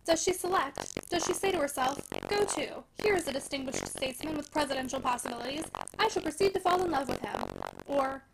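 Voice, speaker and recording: An impulsive, passionate young married woman, voiced by a woman narrator, eager and emphatic. Her lines run high and fast with wide swings in pitch. Loud static hiss sits under the whole recording. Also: wildly swooping pitch, vocal fry, exaggerated voice.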